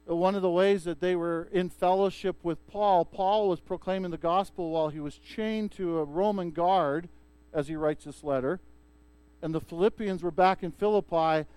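Smooth-voiced male pastor preaching. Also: on the high side. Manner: lively storytelling with restarts. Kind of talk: sermon.

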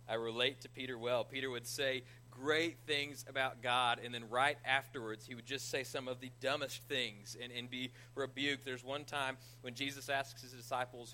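A man delivers a relaxed, conversational sermon, walking through scripture with lively retellings and dry jokes at his own expense. His voice is bright and forward. A faint noise sits under the recording. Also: medium pitch, poor audio. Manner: conversational, self-deprecating humor, animated retelling. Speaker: pastor.

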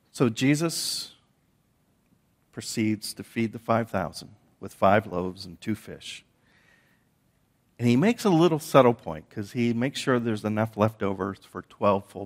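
A man preaching a sermon, telling stories with frequent repeated words and restarts. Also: mid-range voice. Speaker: pastor.

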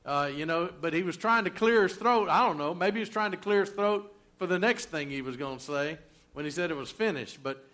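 Folksy preacher, higher-pitched man. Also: animated, a little fast, a bit bright. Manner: folksy, conversational preaching with rhetorical questions. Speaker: pastor. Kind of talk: sermon.

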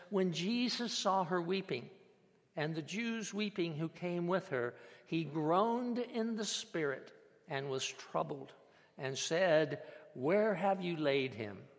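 Man, pastor, sermon, slightly high voice, unhurried, emphatic pauses, church hall reverb. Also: expressive. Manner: measured, emphatic preaching with dramatic pauses.

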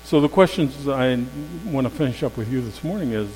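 A man preaching a sermon in a conversational storytelling way, swinging from loud emphasis to hushed tones. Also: medium pitch, expressive, brisk. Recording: long hall reverb with faint mains hum.

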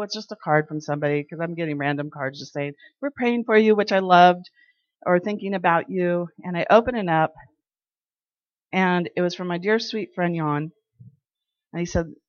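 A woman sharing personal faith testimonies in an animated way, acting out the dialogue in her stories. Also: on the low side, dry recording. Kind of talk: personal devotional storytelling. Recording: dry, slightly dull lo-fi sound.

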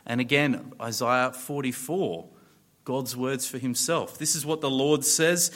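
A man preaching a sermon, earnest and emphatic, explaining scripture with fillers and pausing to drop low on key phrases. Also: a bit bright.

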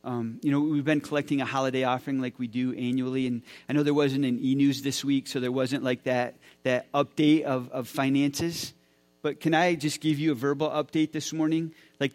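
A man's voice: mid-range voice, steady tone, normal speed. A man in his forties, a pastor speaking to his church, enthusiastic and often repeating words as he talks. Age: 40s. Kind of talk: church sermon talk. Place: church sanctuary.

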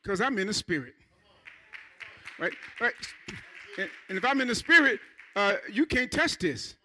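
Man, pastor, preaching in church, animated with playful asides, high pitch. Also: measured pace, a little hiss or hum. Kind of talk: sermon.

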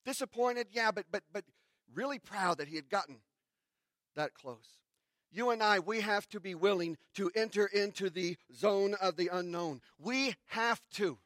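A man pastor who reads scripture and then preaches in a conversational sermon, with restarts and dramatic pauses. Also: sits high, fairly bright tone, no echo, clean studio sound.

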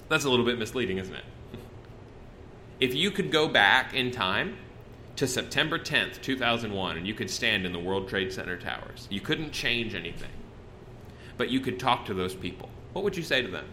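With a slight hum of background noise, a man in a mid-range voice preaches a sermon, very animated at a normal speed. His tone is bright and forceful, and his delivery stays conversational and folksy as he keeps breaking off sentences and starting them over.

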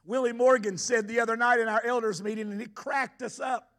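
Middle-aged male pastor, high pitch, animated sermon delivery. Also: fairly quick. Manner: impassioned, voicing the father's plea with rising intensity; rhetorical questions to the congregation. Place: church sanctuary.

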